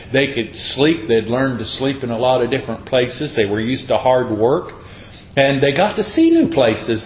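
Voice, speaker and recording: A pastor preaches a sermon, telling Bible stories in a folksy storytelling manner and acting out the voices. The recording is lo-fi, in an echoey room with a faint rumble.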